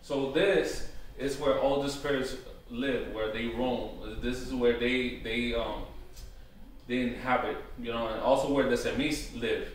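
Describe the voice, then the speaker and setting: A man giving an informal workshop talk, hesitant and full of "um" and "you know", slowing down to spell out words. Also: mid-range voice, fairly even intonation. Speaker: workshop presenter on Taíno tradition. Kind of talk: informal teaching talk to a live group. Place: workshop room. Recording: very echoey room, far from the mic, faint noise.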